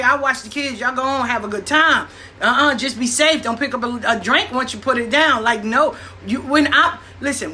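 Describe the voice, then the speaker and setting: Bright-voiced blunt New grandmother. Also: a little high. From New York. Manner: blunt, profane, animated with acted-out quotes. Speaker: host. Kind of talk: casual storytelling monologue.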